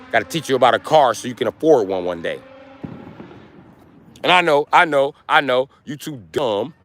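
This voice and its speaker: A man's voice: medium pitch, animated, normal speed, a bit bright. Brash, taunting man ranting on a stream. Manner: brash, crude, taunting, repeats for emphasis. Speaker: livestreamer. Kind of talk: live stream rant to chat.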